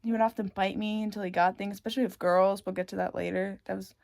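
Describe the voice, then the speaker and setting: A young woman telling her own story in a casual, rambling way, swearing often, breaking off mid-thought and adding wry dark humor. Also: mid-range voice, steady tone, fast talker, creaky. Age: young adult. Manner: rambling and frank, swears often, self-interrupting.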